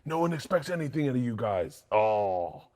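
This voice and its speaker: A man co-hosting a podcast, telling stories loudly and swearing, getting emotional about sports. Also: mid-range voice, sing-song, moderate pace, a little hiss or hum. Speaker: podcast co-host. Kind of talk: casual chat.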